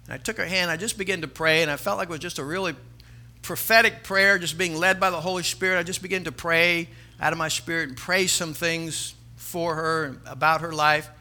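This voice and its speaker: Bright, high-voiced preaching man. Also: fairly even intonation, brisk. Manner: earnest storytelling building to emphatic preaching. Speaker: pastor. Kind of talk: sermon.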